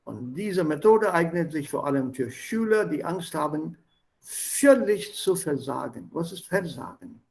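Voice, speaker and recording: A man's voice: on the high side, animated, unhurried, creaky, darkish tone. A man teaching an online language class over a video call, explaining words one at a time and switching between languages.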